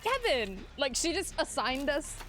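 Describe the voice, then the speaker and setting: A little hiss or hum runs under the voice of an American woman who is streaming a game. Her fairly high, fairly bright voice moves at a moderate pace as she tells stories in casual, chatty talk punctuated by bursts of laughter.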